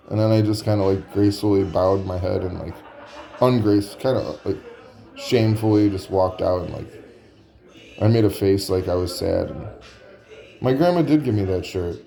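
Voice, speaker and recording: A man's voice: deep voice, moderate pace, creaky, dark tone. A man telling a comic story in a rambling, profane way, full of "like" fillers.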